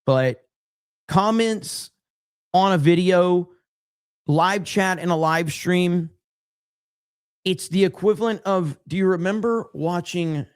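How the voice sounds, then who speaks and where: A man's voice: high-pitched, slow pace, long pauses, clean tone, no room sound, clean studio sound. A man hosting a podcast, talking casually and animatedly as he reacts to a video clip. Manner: animated, chatty, laughs and interjects. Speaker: podcast host.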